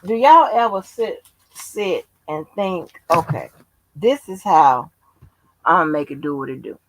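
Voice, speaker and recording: A sleepy woman with a low voice and lively intonation hosts her channel in a casual late-night chat, drawling, swearing and yawning as she talks unhurriedly. The recording quality is low.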